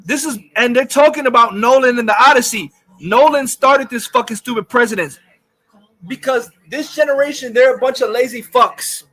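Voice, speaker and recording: A man's voice: extremely high pitch, normal speed, bright, forceful tone. A man hosting a livestream, ranting angrily and profanely and reading chat comments aloud. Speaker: livestream host. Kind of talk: angry livestream rant.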